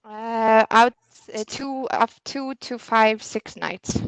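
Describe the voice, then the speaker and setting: A woman answers questions about her hotel over a video call, hesitant and brief. Her voice is gravelly with fry, and the sound is dry and close. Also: on the high side, steady tone, takes it slowly, no echo, poor audio. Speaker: hotel representative.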